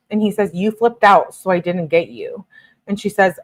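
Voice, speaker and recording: Young adult woman, low-ish voice, casual commentator reading messages aloud with blunt asides. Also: normal speed, slightly rough.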